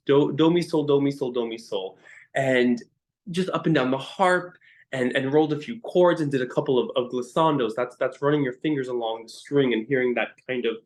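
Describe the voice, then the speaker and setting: A man with a mid-range voice, a harp teacher and musician, tells stories as a podcast guest. Choked up, he speaks emotionally and haltingly, restarting often.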